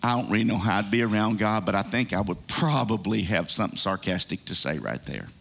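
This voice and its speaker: A man's voice: fairly low pitch, animated, fairly quick, gravelly, a bit bright, slightly rough. A man preaching a sermon in a conversational way, calling out to the congregation. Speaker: pastor.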